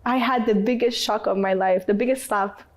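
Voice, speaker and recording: A woman from North Africa, an interview guest, telling her story in a candid, emotional and animated way. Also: medium pitch, normal speed.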